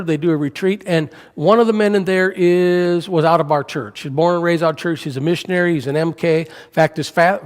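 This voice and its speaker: An older man tells stories from the pulpit in a relaxed, conversational way, often turning to ask the congregation questions. His voice sits a little high for a man. The sound carries the long reverb of a church sanctuary. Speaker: guest preacher. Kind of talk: storytelling sermon.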